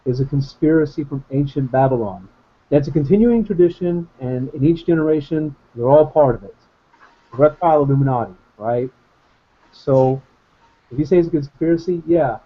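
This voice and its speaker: Brief: chatty, hesitant man in a study group, slightly high voice, lo-fi video call audio. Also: slightly rough. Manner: rambling, hesitant, good-humored. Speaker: Bible study participant. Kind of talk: casual group discussion.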